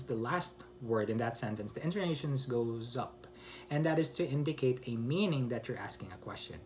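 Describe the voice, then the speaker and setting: A man giving an online English pronunciation lesson, explaining slowly with pauses and self-corrections and acting out example questions with exaggerated rising and falling pitch. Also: slight background noise. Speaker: English teacher.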